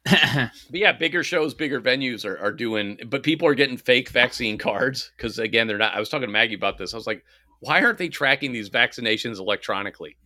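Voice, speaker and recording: Casual podcast host, male, bright dry voice, profane ranting delivery. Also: medium pitch, a little fast, dry recording. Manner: profane, ranting, mocking impressions. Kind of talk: casual chat.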